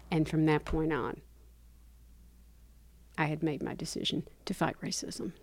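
A woman's voice: low-pitched, unhurried, long pauses. An older woman from South Carolina, telling life stories as an interview guest and acting out the voices of people in them. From South Carolina, USA. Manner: animated storyteller, acts out quoted voices. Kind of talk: interview storytelling.

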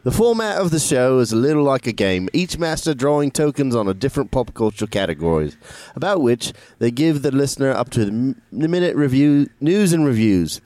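A man's voice: medium pitch, darkish tone, no room sound. A man co-hosting a casual podcast, chiming in briefly and reading part of a review aloud. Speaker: podcast co-host.

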